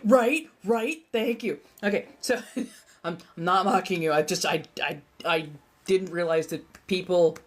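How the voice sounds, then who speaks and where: A woman's voice: lowish voice, a little slow. A young American woman with a slight Southern accent, chatting casually and laughing with her livestream chat. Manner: animated, laughing, reacting to chat. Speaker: livestream host.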